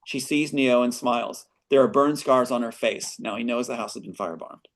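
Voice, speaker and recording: A man's voice: mid-range voice, brisk. Man reading his screenplay aloud. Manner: earnest, interrupts reading with asides. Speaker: screenwriter guest.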